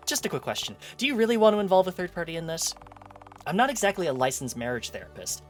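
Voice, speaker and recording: A streamer reading through a game and tossing in wry, sarcastic asides. The voice moves in lively, animated swings and sits in a middling pitch range. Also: quick pace, faint music behind. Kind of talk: casual game commentary.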